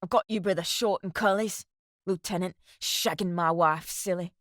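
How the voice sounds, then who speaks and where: A woman voicing a jealous, furious sergeant husband who shouts coarse insults while short of breath. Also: medium pitch, moderate pace, no room sound, clean studio sound, natural voice.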